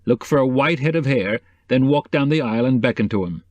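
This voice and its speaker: A man voicing a calm, kindly newspaperman. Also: mid-range voice, brisk, no echo, voice pushed up, lightly acted. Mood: concerned. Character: calm, kindly middle-aged male newspaperman.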